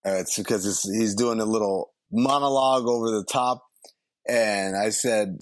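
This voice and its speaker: A man's voice: lowish voice, moderate pace, dry recording. A young man co-hosting a movie podcast, making dry, exasperated jokes. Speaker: podcast co-host. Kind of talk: casual comedic movie commentary.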